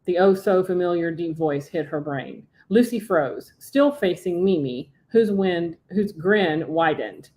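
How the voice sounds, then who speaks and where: A woman author reading aloud from her own novel at home as a podcast guest, after a relaxed, chatty setup. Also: on the low side, normal speed, few pauses.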